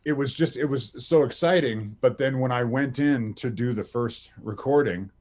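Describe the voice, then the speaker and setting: A man in his thirties, a voice actor being interviewed, who tells anecdotes in a lively, laughing, casual way. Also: mid-range voice, moderate pace. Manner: animated, anecdotal, laughs often, many restarts. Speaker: voice actor guest.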